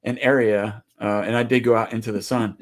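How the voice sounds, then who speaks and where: A man's voice: fairly low pitch, flat delivery, brisk. A middle-aged man co-hosting a casual livestream, joking and rambling with frequent restarts. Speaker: co-host of a livestream. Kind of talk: casual live chat.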